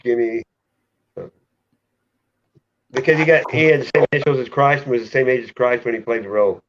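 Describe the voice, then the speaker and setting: A man's voice: medium pitch, steady tone, brisk, slight background noise. Man, casual host, crude jokes, loose talk, dull lo-fi recording. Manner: loose, crude joking, laughs often. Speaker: channel host. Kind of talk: casual chat on a live stream. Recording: muffled lo-fi audio.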